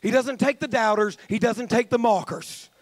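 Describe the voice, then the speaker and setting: A man preaches with a fairly high voice, building his points through rhythmic repetition. His delivery is earnest and emphatic, like a storyteller in the pulpit. The sound is close and dry, with no room echo. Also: moderate pace. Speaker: pastor. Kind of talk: sermon.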